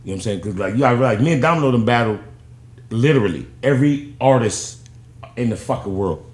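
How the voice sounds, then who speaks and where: A man's voice: medium pitch, fast talker, echoey room. A man from Long Beach, telling stories as a podcast guest in heavy slang and acting out the people he quotes. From Long Beach, California. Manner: animated, acts out quotes in shifting voices, heavy slang. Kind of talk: casual storytelling interview.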